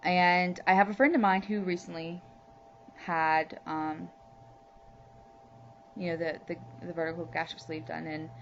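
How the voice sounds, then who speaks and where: Candid, heartfelt woman, slightly low voice. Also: fairly even intonation, unhurried, long pauses. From Louisiana, USA. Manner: candid, heartfelt, rambling with many "you know"s. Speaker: vlogger. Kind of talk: personal video diary. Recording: muffled lo-fi recording with faint hum.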